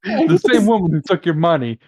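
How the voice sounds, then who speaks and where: A man's voice: high-pitched, wildly swooping pitch, husky, no echo. A man co-hosting a podcast over a remote call, chiming in with jokes. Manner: joking, quick with wisecracks. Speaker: podcast co-host. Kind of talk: casual podcast chat.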